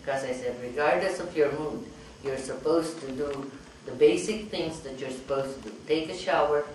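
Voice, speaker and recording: A man's voice: medium pitch, moderate pace, darkish tone. A middle-aged man, a psychiatrist, telling stories about his patients to a meeting audience and acting out their lines. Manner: storytelling, acts out patient dialogue. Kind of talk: anecdotal talk to an audience. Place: meeting hall. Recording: echoey hall, speaker far from mic, noisy.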